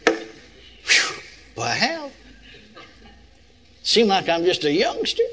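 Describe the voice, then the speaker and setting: Older male preacher, folksy, high animated delivery, questions thrown at the pews. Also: slow pace, a little hiss or hum. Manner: folksy, asks the congregation rhetorical questions. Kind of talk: sermon.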